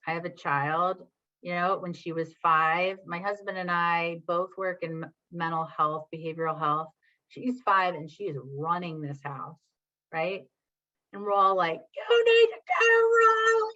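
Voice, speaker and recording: Low, bright-voiced woman presenting a workshop. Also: steady tone, unhurried, lo-fi sound. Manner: conversational, often checks in with "right?"; addresses audience and reads chat comments. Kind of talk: live online workshop talk.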